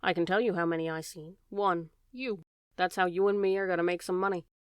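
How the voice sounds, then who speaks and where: A woman's voice: on the low side, fairly even intonation, fairly quick, clean tone, no room sound, close to an everyday voice. Woman voicing a raw grieving young boy. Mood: eager. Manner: plain-spoken, pleading then shouting.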